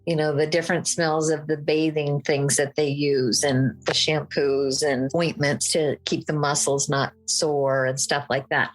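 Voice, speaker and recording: A middle-aged woman sharing memories as an interview guest, candid and direct, with soft laughs between her thoughts. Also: low-pitched, little pitch movement, measured pace, hardly any pauses, faint music behind, low-quality recording. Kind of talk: personal storytelling in an interview.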